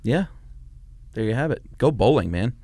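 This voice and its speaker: A man's voice: medium pitch, expressive, normal speed, dark tone, no room sound. A middle-aged man co-hosting a podcast in easygoing casual chat, laughing often. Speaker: podcast co-host.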